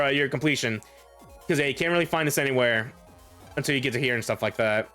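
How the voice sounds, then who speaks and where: A man's voice: medium pitch, fast talker, bright, forceful tone. A male streamer with a mid-range voice chats loosely over his gameplay, rambling and breaking into laughter often. Faint game music plays behind him. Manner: rambling, laughs often, repeats "a little bit". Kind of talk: casual gameplay commentary.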